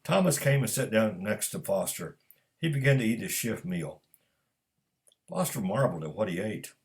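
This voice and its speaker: A man reading his own fiction aloud as scripted narration, measured and steady. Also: lowish voice.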